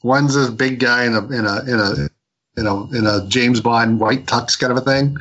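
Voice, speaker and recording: A man's voice: medium pitch, moderate pace, fairly bright tone, muffled recording. Rambling man retelling a comic. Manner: rambling retelling with many restarts. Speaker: podcast co-host. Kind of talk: casual comic book review chat.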